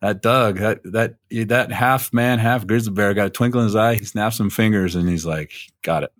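A man's voice: lowish voice, moderate pace, dry recording, clean studio sound. A man spinning a long rambling story in casual chat, full of fillers.

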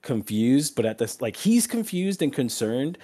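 Game master, male, unhurried, giggly, lots of "like" and "um". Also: medium pitch, sing-song, dark tone. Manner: laughs often, many fillers. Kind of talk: narrating a tabletop game over voice chat.

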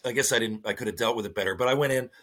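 A man, a former hockey player, telling profane, animated stories in a casual podcast interview. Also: medium pitch, racing. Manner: profane, animated storytelling with acted-out quotes.

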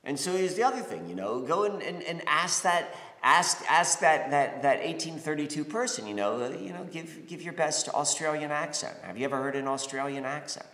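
A man's voice: on the high side, animated, moderate pace, hardly any pauses, pushed and bright. A man from the United States giving a reflective spiritual talk, rambling with many fillers and restarts. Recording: echoey room with long reverb.

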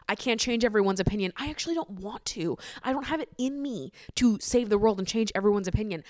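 A young woman hosting a casual solo podcast, ranting in an opinionated, profane, animated way with bursts of laughter. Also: mid-range voice, no room sound, clean studio sound. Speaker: podcast host.

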